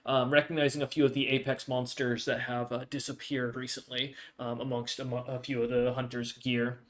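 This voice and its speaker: A man's voice: mid-range voice, flat delivery, fairly quick, a bit bright. A man narrating a tabletop role-playing game as game master, in a casual, rambling way. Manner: casual, with many fillers and restarts.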